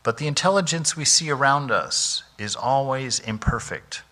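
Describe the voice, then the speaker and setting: A man's voice: mid-range voice, animated, normal speed, pushed and bright. A monk giving an informal spiritual lecture, conversational and full of restarts and "you know"s, laughing easily as he goes. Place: temple hall.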